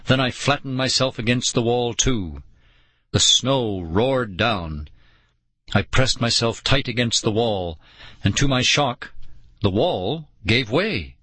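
A man narrating an audiobook in a slow, dramatic storytelling manner. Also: medium pitch, animated, pushed and bright, no room sound.

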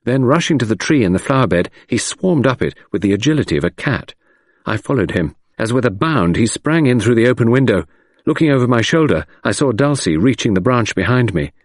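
A man reading an audiobook narration in a measured, expressive way. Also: mid-range voice, dry recording, studio quality.

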